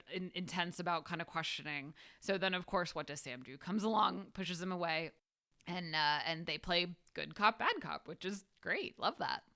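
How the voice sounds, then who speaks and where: A woman's voice: lowish voice, bright, forceful tone, smooth. A woman co-hosting a podcast, chatting casually and animatedly as she recaps an episode, often laughing and acting out characters' lines. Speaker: podcast co-host.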